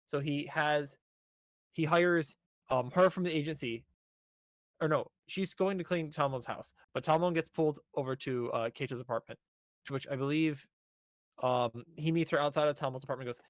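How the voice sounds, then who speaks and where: A man's voice: a little high, normal speed, dry recording. Dry-sounding man recapping anime. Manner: rambling, filler-heavy storytelling. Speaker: podcast co-host.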